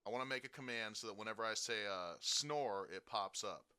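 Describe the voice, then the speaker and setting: A man giving a casual software tutorial, talking through each step and checking in with frequent "okay?" and "right?". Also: lowish voice, brisk, clean tone. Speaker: streaming tutorial host.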